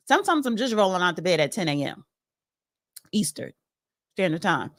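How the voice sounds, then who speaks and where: A woman's voice: lowish voice, very animated, normal speed, no room sound, studio quality. A woman hosting a casual solo commentary. She chats and reads news articles aloud, adding opinionated asides. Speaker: political commentary host.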